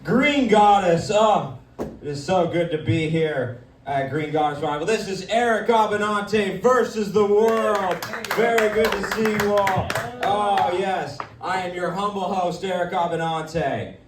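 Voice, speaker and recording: A man's voice: high voice, unhurried, a little hiss or hum. A man hosting a live comedy show, bantering in a brash, crude, mock-pompous way. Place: comedy night in a dispensary. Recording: echoey room, distant mic.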